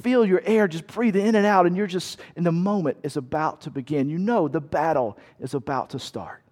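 A man with a fairly high voice, speaking fairly quickly, walks his listeners through a vivid battle in the second person as a sermon illustration. He shouts the quoted commands as he goes.

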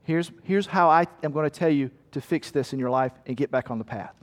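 Preacher doing God's voice: calm fatherly man, firm but gentle, slightly high, long hall reverb. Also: brisk, close to an everyday voice. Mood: gently firm. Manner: gentle, direct correction.

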